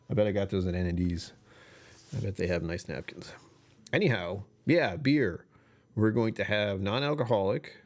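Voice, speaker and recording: A man's voice: deep voice, a little mellow. A young man hosting his own livestream in casual, rambling chat, amused by himself as he talks. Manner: rambling, self-amused, chatty. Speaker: livestream host.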